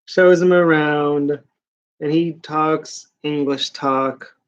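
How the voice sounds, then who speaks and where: A man recapping comic stories in a casual, mocking way, with deadpan asides as he rambles. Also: on the high side, slow, smooth, highs cut off. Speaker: comic book reviewer.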